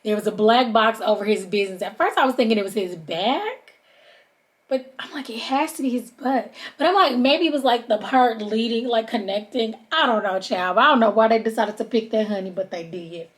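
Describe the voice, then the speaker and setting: A woman's voice: a little fast, hardly any pauses. A woman hosting a podcast, recapping a TV episode in a casual, gossipy chat and calling her listeners "honey.". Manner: chatty, drawls "honey" and "child", mimics people in high voices. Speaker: podcast host.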